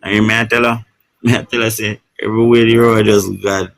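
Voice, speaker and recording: Jamaican man, deep-ish and flat, recounting an ordeal with emotion, dry close mic. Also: brisk, no room sound. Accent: Jamaican Patois. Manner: emotional, keeps adding "you know, bro". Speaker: shipwreck survivor. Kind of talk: personal account in an interview.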